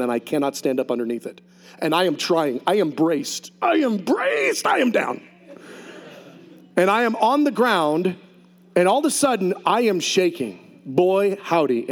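Male preacher, higher register, swooping expressive delivery, sermon to a live congregation. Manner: animated storytelling with shouted quoted outbursts. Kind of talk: sermon testimony.

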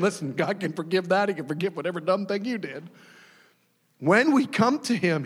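A man preaching a sermon in a lively, conversational way, often acting out quoted voices with sudden shouts. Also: sits high, normal speed, husky, in a large hall. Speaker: pastor.

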